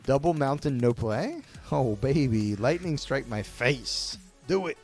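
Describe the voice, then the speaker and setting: A man streaming a card game live, reacting loudly to each play, swearing freely and talking to his chat. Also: mid-range voice, unhurried, faint music behind. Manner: excitable, swears a lot, talks to chat. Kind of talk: live-stream gameplay commentary.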